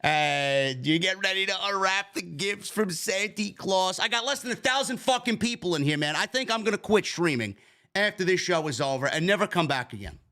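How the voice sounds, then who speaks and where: A man's voice: high-pitched, lively intonation, normal speed, bright, forceful tone. A man from New York hosting a live post-show stream, griping and swearing his way through a casual rant. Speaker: livestream host.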